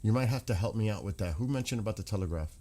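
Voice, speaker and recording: A man with a low voice hosts a casual livestream. He reads viewer comments aloud and answers them as he searches websites. He talks into a desk microphone. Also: animated, racing, dark tone. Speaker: livestream host reading chat.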